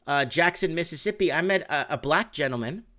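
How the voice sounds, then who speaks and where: A man's voice: a little high, expressive, brisk, pushed and bright. A man hosting a casual talk show, telling long rambling anecdotes full of fillers and restarts. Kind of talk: casual chat.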